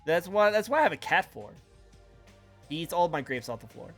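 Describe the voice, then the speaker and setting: Host, playful and teasing, repeats himself soothingly, mid pitch, faint music bed. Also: big pitch swings, fairly quick. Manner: playful, laughs often, repeats phrases, comforting. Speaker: interviewer, host. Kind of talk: casual interview chat.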